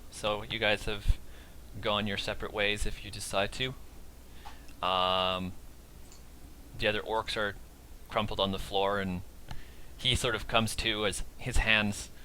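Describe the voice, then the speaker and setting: Bright-voiced male game master. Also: on the low side, slight background noise. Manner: casual, halting narration with fillers. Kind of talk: narrating a tabletop game.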